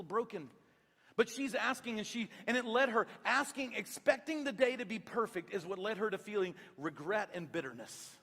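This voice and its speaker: A man preaching a sermon as a pastor, conversational and animated, acting out the dialogue and dropping from loud to hushed. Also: high-pitched, moderate pace, slightly rough. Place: church sanctuary. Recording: long reverb of a large church hall.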